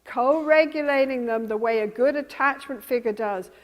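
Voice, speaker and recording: An animated woman lecturing a workshop audience, her voice high and lively. She talks emphatically and acts out her examples. A long reverb hangs on her words, as in a big lecture hall. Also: moderate pace. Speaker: workshop presenter.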